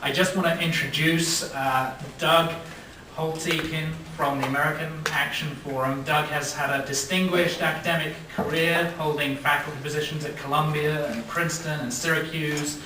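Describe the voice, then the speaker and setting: A man's voice: on the high side, level tone, moderate pace. A man hosting an event and giving hesitant opening remarks. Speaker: event host. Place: lecture hall. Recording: echoey hall from far off, noise.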